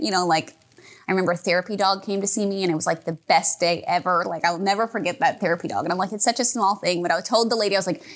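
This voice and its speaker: A woman's voice: mid-range voice, fairly bright tone. A young adult woman telling a personal story in a casual, chatty way, filling her talk with "like" and growing emotional as she retells it.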